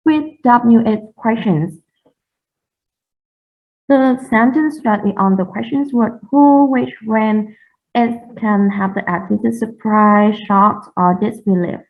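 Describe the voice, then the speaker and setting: A woman presents a lesson carefully, pausing and repeating words as she goes. Her audio is thin and tinny, like it came through a phone line. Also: a little high. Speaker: student presenter. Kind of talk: class presentation.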